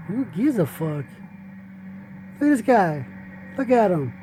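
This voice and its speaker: A man's voice: sits high, big pitch swings, a little slow, long pauses, dark tone, a little hiss or hum, poor audio. A man hosting a reaction video, giving brash, profane, trash-talking commentary.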